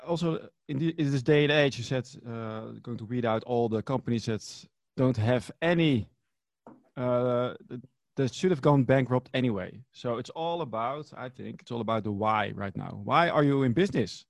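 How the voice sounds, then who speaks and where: A man with a middle-pitched, gravelly voice hosts a relaxed interview. He speaks loosely and halts often with fillers. The recording is dry and close. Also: no echo. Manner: loose, halting with many fillers. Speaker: podcast host. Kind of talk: casual interview chat.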